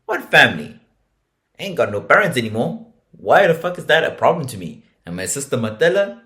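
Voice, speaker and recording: A man putting on the voice of a callous young man who shrugs off his murdered family, talking fast and flippantly. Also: mid-range voice, sing-song, bright, forceful tone. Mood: gleeful callous. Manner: flippant, gleeful, rushed. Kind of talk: podcast mockery.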